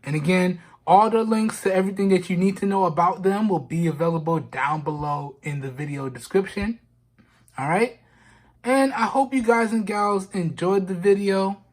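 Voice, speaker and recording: A man's voice: sits high, moderate pace. A man vlogging an unboxing, talking casually while trying not to cry, often repeating himself and saying "man" and "y'all". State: holding back tears. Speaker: vlogger reviewing products.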